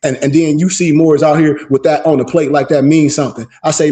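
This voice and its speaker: A man lecturing to a class on esoteric teachings, his voice pitched a little high yet soft and mellow in tone. He preaches in emphatic, repetitive bursts, then slows right down to lay out lists one item at a time. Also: flat delivery.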